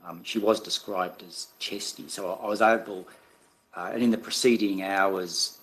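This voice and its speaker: An Australian man giving expert medical testimony at an inquest, halting and measured, with many restarts. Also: deep voice, fairly even intonation, a bit bright, rough recording.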